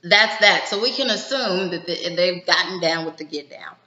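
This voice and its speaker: A woman with a lowish, bright, forceful voice gives a chatty, opinionated recap of a TV episode. She is recorded in a roomy space with a slightly dull, lo-fi sound. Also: moderate pace. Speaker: TV episode reviewer. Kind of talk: casual recap chat.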